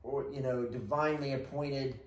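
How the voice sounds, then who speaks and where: A man's voice: mid-range voice, steady tone, moderate pace, a little hiss or hum. A man teaching a casual co-taught history lesson, conversational and often checking in with listeners. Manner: conversational, checks in with frequent "right?". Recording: roomy sound, mic at a distance.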